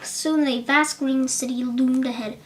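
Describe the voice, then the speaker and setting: A woman narrating a children's storybook audiobook with expressive delivery and occasional slips. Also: high voice, a little slow.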